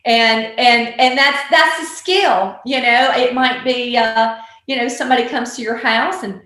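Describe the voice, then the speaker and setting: A woman chats as an interview guest, her voice a touch high. She tells her stories animatedly, with many ums and restarts. The recording sounds strongly echoey, as if in a bare room. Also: steady tone, measured pace, bright, forceful tone. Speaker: guest, author and actor. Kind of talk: casual interview chat.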